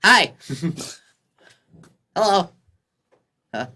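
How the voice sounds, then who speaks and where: A man voicing a small, flustered male gnome who squeaks and stammers in a hurry. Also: sing-song, drawn-out words, bright, forceful tone, heavily acted.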